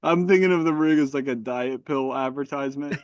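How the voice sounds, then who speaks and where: A man's voice: mid-range voice, fairly quick, clear, resonant tone, no echo, highs cut off. A man co-hosting a podcast, joking and swearing in casual chat. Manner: jokey, swearing, riffing. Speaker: podcast co-host.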